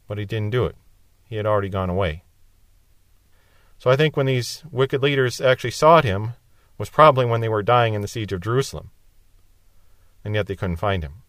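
A man's voice: medium pitch, brisk, long pauses, smooth, no room sound, studio quality. A man teaching a Bible passage verse by verse, explaining it plainly and lifting his voice to stress quoted lines. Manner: explanatory, rising in emphasis on quoted cries.

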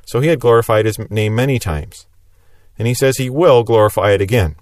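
A man's voice: mid-range voice, a little fast, darkish tone. A man delivering a sermon, explaining a scripture passage in an earnest voice and leaning on repeated phrases for emphasis. His voice sits in a middle register. The recording is dry, with no room echo. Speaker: preacher.

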